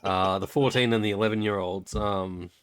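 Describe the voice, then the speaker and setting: Rambling game master with a low voice. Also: male voice, steady tone, moderate pace, fairly bright tone, slight background noise. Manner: rambling, many fillers, laughs at his own jokes. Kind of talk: narrating a tabletop game.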